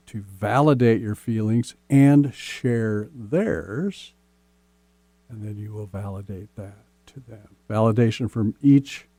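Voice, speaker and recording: A man hosting a relationship podcast as a coach, speaking gently and slowly, often ending points with "right?". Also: on the low side, no echo. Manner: gentle, slow, many "right?" tags. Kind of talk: casual podcast advice.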